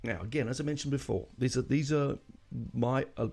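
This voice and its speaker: A man's voice: mid-range voice, a little fast, creaky, darkish tone. A man hosting a podcast, talking casually and emotionally, rambling with lots of fillers and restarts. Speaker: podcast host. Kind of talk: casual solo podcast talk.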